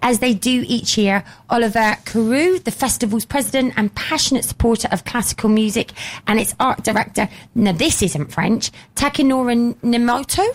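English lady co-hosting radio, chatty, higher voice. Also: normal speed. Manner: chatty, playful. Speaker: radio co-host. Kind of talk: casual radio chat.

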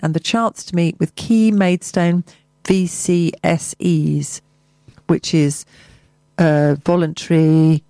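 A woman's voice: lowish voice, mellow, no echo. A woman co-hosting a chatty show, reading local news items with playful, jokey asides. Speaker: radio show co-host.

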